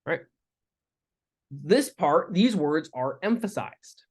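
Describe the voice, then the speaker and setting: A man teaching a lecture with live coding, talking in a relaxed way with fillers and restarts. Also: on the high side, slow pace, breathy edge. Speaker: instructor.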